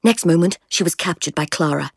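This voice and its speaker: A woman narrating a story aloud in a lively, expressive manner. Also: lowish voice, a little fast, creaky, slightly rough, dry recording, clean studio sound. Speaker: audiobook reader.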